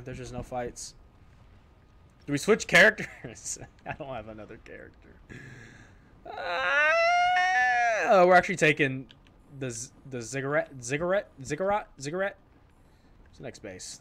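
A man's voice: mid-range voice, pushed and bright, slight background noise. A man giving casual, jokey commentary over his own gameplay, talking to his viewers, repeating phrases and swearing when things go wrong. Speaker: gameplay streamer.

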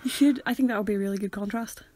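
A woman's voice: medium pitch, fairly even intonation, darkish tone. A young woman with a Northern Irish accent, co-hosting a podcast in joking casual chat. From Northern Ireland. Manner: chatty and joking, quick banter. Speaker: podcast co-host.

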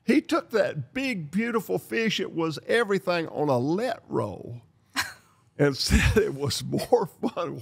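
Gravelly older man telling stories. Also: on the high side, slow pace. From North Carolina, USA. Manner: lively storyteller who acts out dialogue and laughs. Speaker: podcast host. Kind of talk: storytelling podcast chat.

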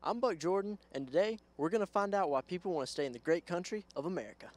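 Guy doing a pushy patriotic street reporter, quick talker. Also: high voice, animated, darkish tone. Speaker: field interviewer. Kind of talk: mock field interview.

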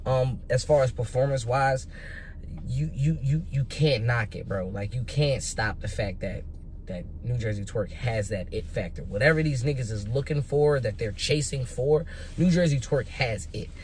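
A young man giving casual, hyped commentary as a vlogger, animated and emphatic, with rhetorical questions and repeated words. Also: medium pitch, moderate pace, slight background noise. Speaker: vlogger making predictions.

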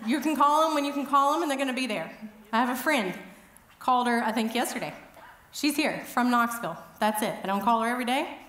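A middle-aged woman speaking at an event, telling funny, self-deprecating stories in a chatty, animated way. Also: on the high side, quick pace, echoey room. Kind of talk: humorous storytelling talk. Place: event hall.

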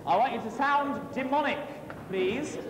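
A young man with a high voice addresses a choir as chorus master, brisk and playful. He is heard from some way off in a large, echoing hall with a long reverb. Noise is clear in the background. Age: young adult. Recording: echoey hall from far off.

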